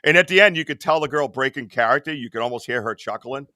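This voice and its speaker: A man's voice: medium pitch, fast, pushed and bright, no room sound, clean studio sound. A man hosting a live podcast, chatting casually in a rambling way, swearing and laughing at his own stories. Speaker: podcast host. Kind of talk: casual live-stream chat.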